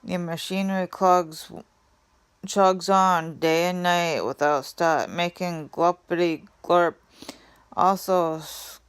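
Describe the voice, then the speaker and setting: A woman voicing a grumpy, coughing small male forest creature who scolds loudly in a storybook reading. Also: low voice, clean tone. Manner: scolding, loud and pleading.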